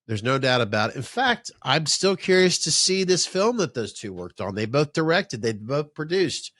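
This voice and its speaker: A man's voice: mid-range voice, very animated, normal speed, fairly bright tone, no room sound, studio quality. A man hosting a podcast, telling rambling, profane stories in casual chat. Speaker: podcast host. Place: man-cave podcast room.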